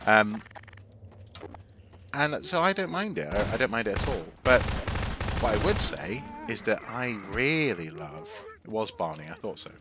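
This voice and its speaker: A man's voice: on the low side, moderate pace. A man streaming a video game, chatting in a rambling, self-correcting way as he plays. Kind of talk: gameplay commentary and chat. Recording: steady background noise.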